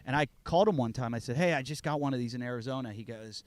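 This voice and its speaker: A man in casual podcast chat, telling stories and acting out the people in them with big swings in loudness. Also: mid-range voice, fast, dry recording. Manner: animated, acts out quotes with swings in volume.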